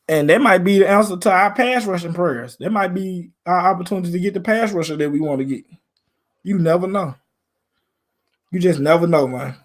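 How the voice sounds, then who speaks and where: A man from Memphis with a Southern accent, hosting a casual live stream about football in a laid-back, slangy way. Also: sits high. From Memphis, Tennessee.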